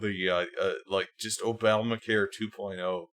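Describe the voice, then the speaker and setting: A man's voice: fairly low pitch, steady tone, moderate pace, hardly any pauses, a bit bright. Profane, heated male streamer ranting. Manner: heated, profane, many fillers. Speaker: livestream host. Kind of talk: casual political rant.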